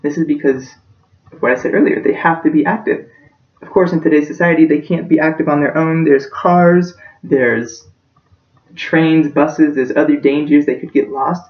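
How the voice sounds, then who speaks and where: A man's voice: a little high, steady tone, normal speed. A young man giving a practice persuasive speech for a class, earnest and emotional, his voice close to breaking. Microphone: self-recorded from a distance. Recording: echoey room, distant dull-sounding mic.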